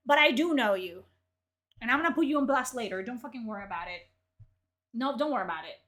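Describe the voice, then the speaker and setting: A woman's voice: a little high, animated, fast talker, pauses often. A young woman, furiously ranting and swearing as she reacts to articles on her stream. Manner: furious, profane, shouting outbursts. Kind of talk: angry ranting commentary.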